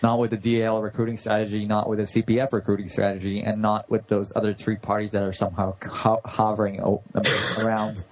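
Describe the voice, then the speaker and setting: A man's voice: on the low side, level tone, a little fast, few pauses, low-quality recording. A man co-hosting a casual chat, rambling and often stumbling over his words. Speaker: podcast co-host. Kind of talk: casual chat about role-play politics.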